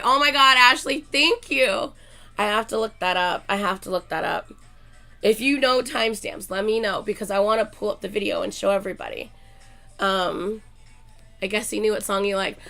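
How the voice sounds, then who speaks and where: Excitable woman with a gravelly edge. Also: mid-range voice, normal speed, soft background music. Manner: excitable, gushing, reads chat names aloud. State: sick, coughing. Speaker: streamer chatting with viewers. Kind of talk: casual livestream chat.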